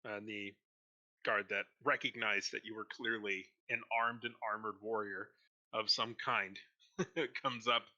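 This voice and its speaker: A man narrating as dungeon master, relaxed and hesitant, with many fillers. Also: on the low side, a little slow. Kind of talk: narrating a tabletop game. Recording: dull lo-fi mic.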